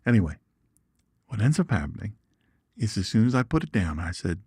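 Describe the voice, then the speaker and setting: A man who hosts a Bible teaching show, explaining Scripture through folksy, animated stories. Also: on the low side, a little fast, pauses often, breathy edge, no room sound, studio quality. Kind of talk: teaching with lively storytelling.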